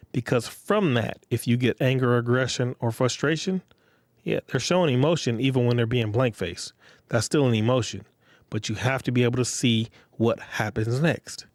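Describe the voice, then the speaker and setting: A man's voice: mid-range voice, dry recording, clean studio sound. A man hosting his own podcast, talking bluntly and repetitively to his listeners in street slang. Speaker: podcast host. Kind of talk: casual monologue podcast.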